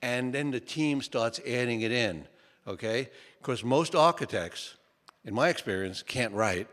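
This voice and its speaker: A man's voice: medium pitch, lively intonation, measured pace, fairly bright tone. An older man, an author, tells folksy stories to an audience, often restarting and tossing in "okay?" as he goes. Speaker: author speaking at a book talk. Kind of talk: relaxed anecdotal talk to an audience. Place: lecture hall. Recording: long hall reverb.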